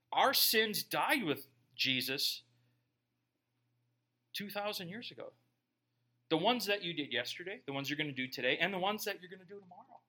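Guy preaching a sermon, bright tense voice, chatty, keeps asking right?. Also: sits high. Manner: animated, conversational preaching with rhetorical questions. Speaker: pastor.

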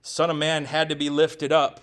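A man's voice: a little high, monotone, moderate pace, a bit bright. A pastor preaching a sermon, emphatic and conversational, tossing rhetorical questions to his congregation and slipping in light jokes.

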